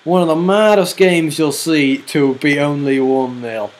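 A woman hosting a gaming channel, giving excited football game commentary, shouting player names and groaning at misses. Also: low-pitched, a little slow.

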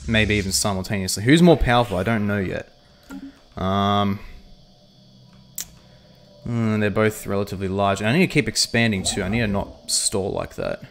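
A man's voice: fairly low pitch, steady tone, normal speed, long pauses, a little hiss or hum. A man casually talking through a strategy game on a livestream, thinking aloud with frequent ums and reading chat messages aloud. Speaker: livestream gamer.

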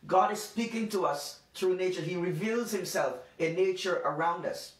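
A man with a high voice preaches a devotional sermon, leaning hard on key words and repeating them for emphasis. He sits back from the mic, and the room rings around his voice. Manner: emphatic, repetitive preaching with slow stressed phrases. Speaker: pastor. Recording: roomy sound from a distant mic.

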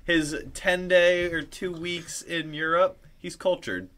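A young man co-hosting a podcast, joking loudly and crudely in rowdy, drunken banter. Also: fairly high pitch, level tone, takes it slowly. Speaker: podcast co-host.

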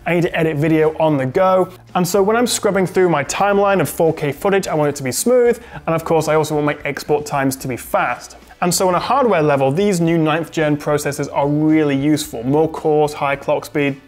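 A British man hosting a tech review, briskly explaining laptop specs in scripted narration. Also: fairly high pitch. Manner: brisk, spec-heavy explaining.

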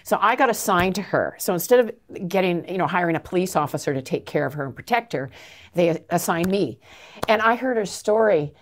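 A woman's voice: on the low side, lively intonation, brisk. A middle-aged woman from Canada, an advocate answering interview questions with earnest, emphatic storytelling. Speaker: anti-trafficking advocate, guest.

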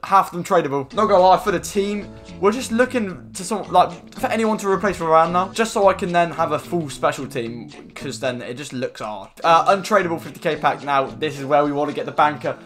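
A young Englishman talks through his game in a loose, slangy way, and he often breaks into sudden shouts of excitement. His voice sits a little high for a man. Soft music plays faintly underneath. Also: a little fast. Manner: excitable, slangy, bursts into loud outbursts. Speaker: gaming YouTuber. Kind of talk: casual gameplay commentary.

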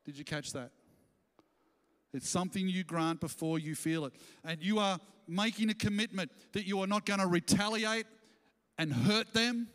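A man delivers a sermon as pastor, his voice pitched high for a man. He preaches with animation and now and then acts out quoted lines in voices. The long reverb of a church auditorium trails after his words. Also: normal speed, fairly bright tone.

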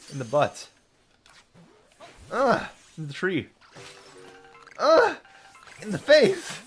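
A young man giving excitable let's-play commentary, laughing often and breaking into loud outbursts as he plays. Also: mid-range voice, husky. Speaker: gaming video creator.

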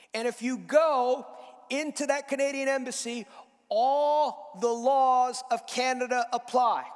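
A man preaching a sermon as guest speaker in a church, moving from slow, low statements to loud, repeated emphatic phrases, with frequent restarts. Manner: repeats words and restarts while building a point. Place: church sanctuary. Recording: long reverb of a large church hall.

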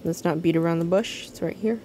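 Fairly low and fairly quick, this dark-toned voice belongs to an American woman chatting her way through a game stream. She rambles, curses casually, and reads her chat out loud to respond, her intonation staying fairly even over slight background noise.

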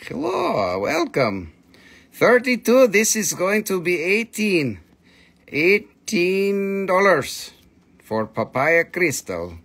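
A man hosting a live crystal sales stream in the shop, talking in a loose, excitable way and squealing with delight at each new price. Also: high-pitched, takes it slowly, gravelly, slightly rough. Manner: excitable, squeals "whee" at prices, non-native phrasing. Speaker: livestream crystal seller.

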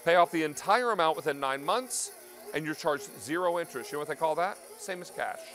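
A man hosting a live TV shopping show from a studio kitchen, chatty and emphatic as he pitches a product. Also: fast. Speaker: TV shopping host.

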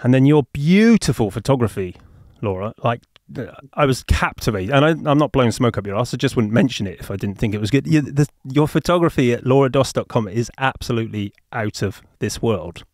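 A man's voice: mid-range voice, animated, a little fast, few pauses, darkish tone, no room sound, studio quality. A man with an English accent hosting a podcast interview, chatty and jokey, often laughing. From England. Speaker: podcast host.

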